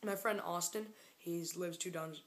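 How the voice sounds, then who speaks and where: A woman's voice: lowish voice, fairly even intonation, unhurried. A woman vlogging casually alone in an upstairs room into a camera mic, rambling and joking and often getting sidetracked. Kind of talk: casual vlog.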